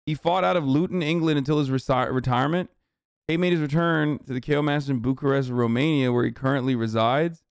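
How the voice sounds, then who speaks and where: A man's voice: mid-range voice, fast, creaky, clear, resonant tone, dry recording, clean studio sound. A man streaming casual reaction commentary, incredulous, mocking and profane.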